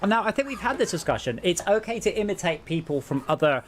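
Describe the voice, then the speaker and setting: A man trading dry, wry remarks while playing a game on a livestream. His voice sits a touch on the higher side. There is a faint hiss behind him. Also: very animated, fast talker. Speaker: stream co-host. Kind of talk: casual gaming chat. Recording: faint background noise.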